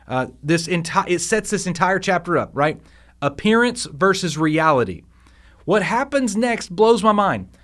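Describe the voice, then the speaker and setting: A man hosting a devotional podcast, teaching scripture in a casual, animated way with frequent restarts. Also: fairly high pitch. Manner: conversational, animated, with fillers and restarts.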